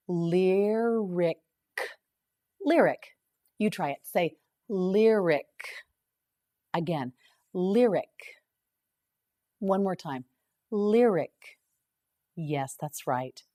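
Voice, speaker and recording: Woman, English teacher, scripted word drill, slow careful enunciation, low voice. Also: dark tone. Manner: slow, clearly enunciated repetition.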